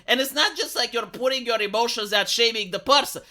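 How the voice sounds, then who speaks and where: A man riffing on a livestream with a very bright, sharp tone. He rambles and mocks with dry sarcasm, piling up asides and rhetorical questions. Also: very high-pitched, brisk. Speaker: livestream host. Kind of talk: livestream commentary.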